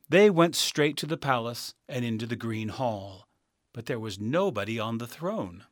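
A man narrating a children's storybook in a calm, measured reading. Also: mid-range voice, no room sound, clean studio sound.

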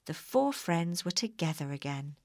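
A woman reading a children's storybook aloud in an expressive, clear way. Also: fairly low pitch, normal speed.

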